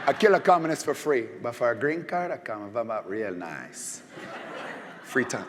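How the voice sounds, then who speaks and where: A man putting on a gruff, swaggering Cuban-American gangster in a mock Cuban accent. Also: mid-range voice, expressive, moderate pace, long reverb tail, background noise, voice pushed down, lightly acted. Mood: taunting. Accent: mock Cuban Spanish.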